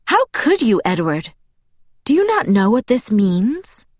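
A woman reading an audiobook, voicing a wary, sharp-tongued female vampire who talks in tense, rising tones. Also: mid-range voice, big pitch swings, moderate pace, no echo. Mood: alarmed. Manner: tense, alarmed, snapping. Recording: dull, dry audiobook recording.

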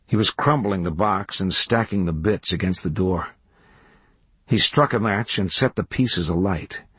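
A man reading a novel aloud as audiobook narrator, in measured, even storytelling. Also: sits low, husky, no echo. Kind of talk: scripted narration.

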